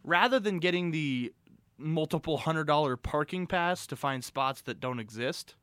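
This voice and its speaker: Bright-voiced young man, joking podcast co-host. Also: on the high side, expressive, normal speed, smooth, no echo, clean studio sound. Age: young adult. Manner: joking, easygoing. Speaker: podcast co-host and college student. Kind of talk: casual sports podcast chat.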